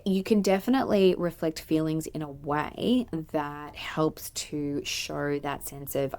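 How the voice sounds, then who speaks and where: Low, gravelly woman teaching. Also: fairly even intonation, a little slow, few pauses, a little mellow. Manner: thoughtful, explanatory, many filler ums. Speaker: play therapist and podcast host. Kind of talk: teaching podcast monologue. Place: playroom.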